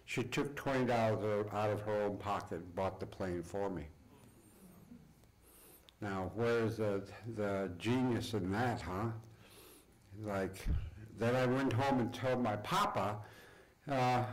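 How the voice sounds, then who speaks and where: An older man giving an acceptance speech to an audience, telling stories from his upbringing in an unhurried, reflective way with pauses. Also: lowish voice, rough recording. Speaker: award recipient giving a speech. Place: event hall before an audience.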